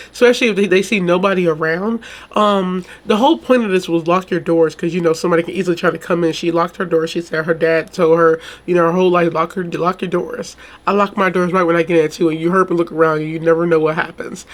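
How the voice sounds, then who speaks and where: A woman hosting a reaction video, commenting casually and emphatically, talking to viewers as "y'all". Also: fairly low pitch. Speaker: reaction channel host. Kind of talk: casual commentary on a viral clip.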